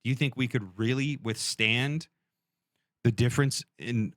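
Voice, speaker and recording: A man's voice: mid-range voice, measured pace, fairly bright tone, dry recording. A man with a mid-range voice co-hosting a podcast, recorded dry and close. He talks loosely and swears often, leaning on "like" and "dude". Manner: loose and profane, says "like" and "dude" a lot. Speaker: podcast co-host. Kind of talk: casual conversation.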